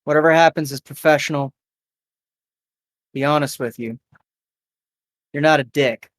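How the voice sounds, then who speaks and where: Game master as a gruff, blunt, cynical man. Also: mid-range voice, fairly even intonation, normal speed, no room sound, close to an everyday voice. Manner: gruff, blunt, swears casually. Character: weary, guarded adult man, cynical fixer. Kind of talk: live tabletop role-play.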